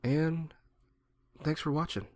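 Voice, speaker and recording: A man's voice: on the high side, takes it slowly, dry recording, clean studio sound. A man in his twenties giving rambling, joking gameplay commentary and mocking himself. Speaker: gaming channel host.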